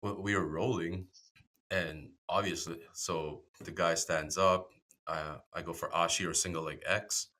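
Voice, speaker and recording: A man with a very deep voice talks in an easygoing, conversational way. His tone is bright and forceful, with a tense edge. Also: steady tone, unhurried. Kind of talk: casual chat.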